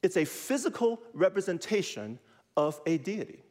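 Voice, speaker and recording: A man preaching a sermon as a pastor, teaching in an animated way and leading the listeners to repeat after him. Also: sits high, normal speed, in a large hall. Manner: animated, teaching with call-and-response.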